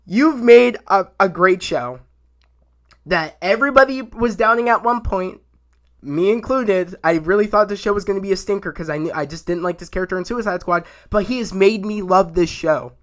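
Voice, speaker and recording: A young man giving a casual spoken review of a TV episode, rambling and excitable, full of fillers and restarts. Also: high-pitched, normal speed. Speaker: YouTube show reviewer.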